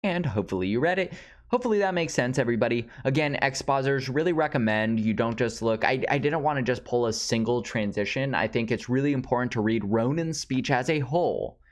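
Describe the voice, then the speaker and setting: A man teaches speech writing in a casual, conversational lecture over slides, using frequent fillers. His medium-pitched voice is expressive and fairly quick.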